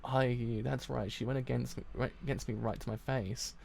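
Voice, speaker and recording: A man with a gravelly voice reading the lines of a proud, hotheaded rich boy in loud, blustering denial. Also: mid-range voice, fairly even intonation, normal speed. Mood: flustered, angry.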